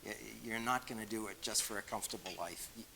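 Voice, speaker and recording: A man's voice: on the low side, fast talker, background noise. A man with a Boston accent answering questions at a talk, speaking conversationally and with self-deprecating humor.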